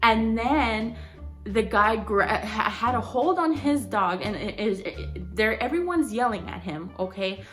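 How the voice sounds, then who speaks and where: Animated young woman telling a story. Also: fairly high pitch, measured pace, over music. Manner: animated, filler-heavy storytelling with profanity. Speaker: vlogger. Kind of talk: casual storytime.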